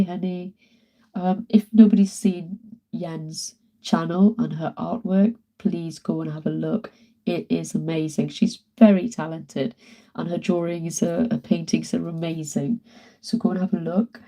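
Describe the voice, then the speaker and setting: Painting at home indoors, a British-accented woman chats casually with viewers on a live stream, greeting and thanking them by name. Her voice is lowish and dark in tone.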